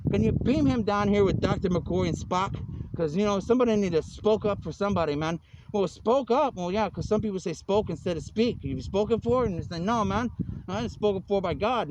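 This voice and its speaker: A man with a high, light voice talks in a loose stream of thought. He jumps from topic to topic and keeps tossing in "man". Faint ambient noise sits behind him. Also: rough recording. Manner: meandering, leaps between topics, keeps saying "man"; acts out quoted exchanges in casual voices. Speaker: vlogger. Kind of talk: rambling off-the-cuff monologue.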